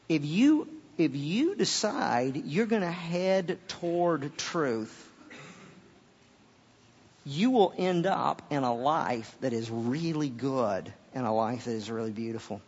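Male pastor, sermon, fairly high voice, long hall reverb, muffled sound, loud peaks and soft asides. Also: slightly rough. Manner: swings from booming emphasis to quiet asides, repeats words.

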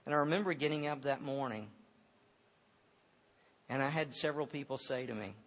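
A middle-aged male pastor preaching a sermon in a church auditorium, moving from loud, impassioned preaching to hushed storytelling. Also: mid-range voice, fairly quick. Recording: dull reverberant hall sound.

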